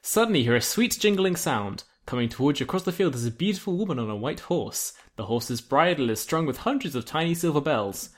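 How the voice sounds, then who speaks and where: A man's voice: fairly high pitch, expressive, brisk, hardly any pauses. A man hosting a podcast who reads an adventure gamebook aloud and chats between passages. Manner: chatty, laughs easily. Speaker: host reading a gamebook. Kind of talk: casual podcast narration.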